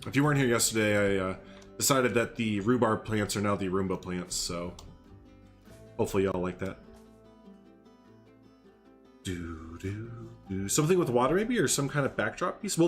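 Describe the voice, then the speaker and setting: A young man chatting casually on a live stream while he builds in a game, rambling, humming and greeting viewers by name. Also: fairly low pitch.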